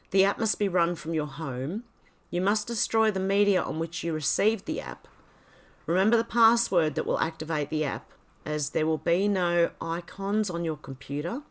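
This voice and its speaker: Low-voiced woman reading posts haltingly. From Australia. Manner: reads aloud haltingly, stumbles and self-corrects, muttered asides. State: coughing, clearing throat. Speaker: livestream host. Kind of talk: casual commentary, reading posts aloud.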